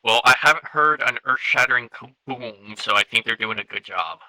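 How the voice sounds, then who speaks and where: Man, game chat player, steady callouts, very bright and dry headset sound. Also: medium pitch, moderate pace, no echo, low-quality recording. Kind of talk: gaming voice chat.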